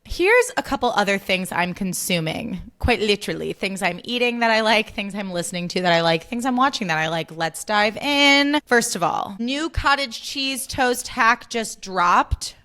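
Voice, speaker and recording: A woman's voice: mid-range voice, animated, normal speed, hardly any pauses, bright, forceful tone. A young adult woman hosting a casual solo podcast, bubbly and chatty, peppering her talk with "like" and swearing freely. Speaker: podcast host.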